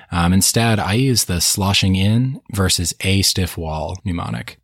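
A man hosting a medical education podcast, explaining heart sounds in a measured teaching style and posing questions before answering them himself. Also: deep voice, no room sound, studio quality. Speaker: podcast host teaching cardiology. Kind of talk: scripted teaching narration.

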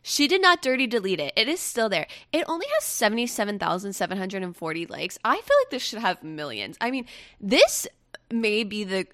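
A young woman hosting a casual pop-culture chat, gushing and chatty with quick asides. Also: mid-range voice, big pitch swings, bright, forceful tone. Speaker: podcast host.

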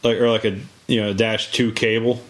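A man's voice: lowish voice, little pitch movement, a little fast, fairly bright tone. A man in casual chat, telling rambling stories with many fillers and restarts.

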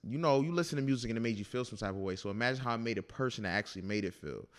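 A man co-hosting a casual chat, slangy and animated, often acting out quotes. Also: medium pitch, very fast, smooth. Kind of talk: casual chat about a TV show.

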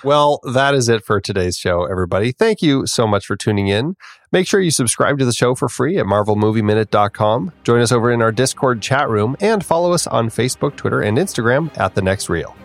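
A man co-hosting a podcast in casual chat, animated and often laughing, with a precise streak for details. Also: mid-range voice, a little fast, dry recording, studio quality. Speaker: podcast co-host.

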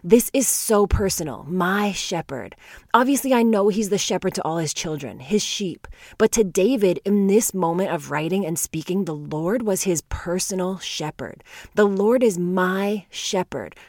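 A woman teaching on scripture in a devotional talk to her viewers, earnest and emphatic, slowing down to stress key words and laughing lightly between points. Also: fairly low pitch, a little mellow, dry recording, studio quality. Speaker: Bible teacher.

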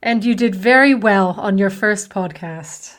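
A woman hosting a podcast in casual chat, playful and quick to laugh. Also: mid-range voice. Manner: giggly, playful. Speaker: podcast host.

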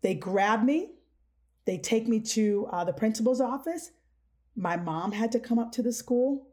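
A slightly high female voice with a dark tone moves at a measured pace. The speaker is a middle-aged podcast host candidly describing her childhood in casual storytelling, playing out each quote.

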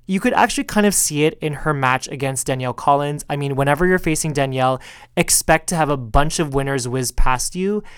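Male podcast host, sassy and chatty, smooth clear voice, dry close sound. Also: a little high, fairly bright tone, no room sound. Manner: sassy, chatty, calls listeners girl. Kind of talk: casual solo tennis podcast chat.

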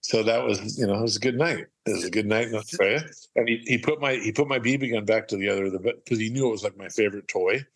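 A man's voice: on the low side, fast talker, breathy edge, poor audio. A middle-aged man from Southern California, a podcast guest, telling rambling, profane anecdotes and acting out the quotes. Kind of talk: casual storytelling.

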